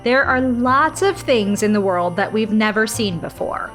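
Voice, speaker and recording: A woman's voice: on the high side, expressive, unhurried, fairly bright tone, faint music behind. A woman voicing an anxious, motherly hen in a children's storybook, prim and reassuring until she panics. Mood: earnest.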